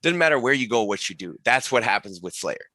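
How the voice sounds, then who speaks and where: A man's voice: mid-range voice, animated, a little fast, sharp tone, no echo. A man telling stories as a podcast guest in casual conversation, rambling with frequent restarts and asides.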